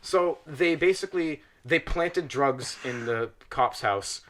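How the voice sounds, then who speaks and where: On a podcast, a young man rants through a comedic film review, telling it in an animated, exaggerated and profane way. His voice is fairly high and he speaks slowly.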